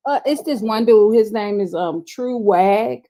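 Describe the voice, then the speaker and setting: A woman's voice: mid-range voice, unhurried, mellow. A woman with a child, chatting casually in a group, blunt and joking, swearing freely. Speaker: guest.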